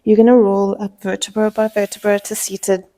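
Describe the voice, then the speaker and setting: Out of breath, a young pilates teacher cues a workout with short directions and countdowns. Her mid-range voice is mellow, her delivery flat, and her pace normal.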